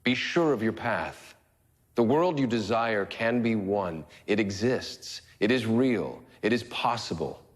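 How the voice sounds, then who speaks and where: Defiant rebel leader: low, husky voice, measured and declamatory film address. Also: male voice, expressive. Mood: solemn. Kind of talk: dramatic film speech.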